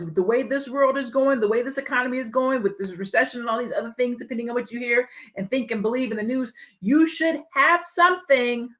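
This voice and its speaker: A woman's voice: a little high, fairly bright tone. A woman hosts a live-streamed motivational talk. She has a slight lisp and speaks candidly and conversationally. She reads viewer comments aloud as she goes. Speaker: livestream host and speaker.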